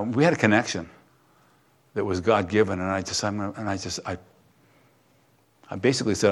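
A man's voice: on the low side, brisk, pauses often. Conversational man preaching a sermon. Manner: conversational, drops to soft hushed tones for emotional moments. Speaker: pastor. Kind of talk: sermon with personal storytelling.

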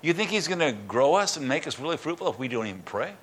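A fired-up man preaching to his church, bright and forceful in tone. He talks with excitement, swings between loud declarations and quiet asides, and often trips over and restarts his words. His voice sits a touch high for a man. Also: quick pace, slight background noise. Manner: impassioned, excited, with many restarts and stumbles. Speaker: pastor. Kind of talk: sermon.

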